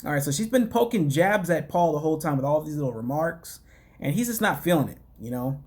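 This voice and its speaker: A man's voice: fairly high pitch, expressive, fairly quick, a little mellow. A man casually recapping a reality show as a podcast host, rambling with lots of fillers and wry, dismissive asides. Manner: rambling, loose, full of "you know" and "like".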